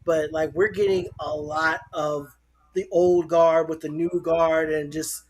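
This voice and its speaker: A man hosting a casual group chat, giving animated, emphatic opinions. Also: a little high, a little slow. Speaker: podcast host.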